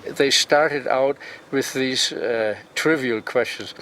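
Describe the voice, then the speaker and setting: Czech guy in his 70s, english w/ accent, earnest testimony, middling pitch. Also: slow, a bit bright, a little hiss or hum. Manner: earnest, retells with quoted dialogue. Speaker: interviewee. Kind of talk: personal testimony.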